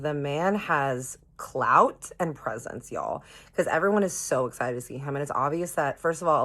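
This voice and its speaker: A woman telling a personal story to her viewers in a casual, chatty way, acting out what people said. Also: a bass voice. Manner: chatty, animated retelling with quoted voices. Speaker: storytime vlogger.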